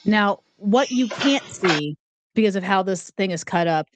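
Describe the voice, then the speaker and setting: A woman's voice: medium pitch, lively intonation, a little slow, background noise. A woman giving chatty, casual true crime commentary and thinking aloud as she goes. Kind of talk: casual commentary over clips.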